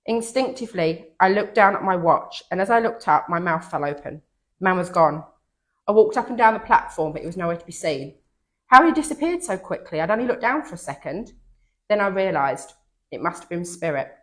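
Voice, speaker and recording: A woman's voice: lowish voice, animated, a little fast. Woman in her sixties reading her story. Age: 60s. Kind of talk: reading a personal story aloud.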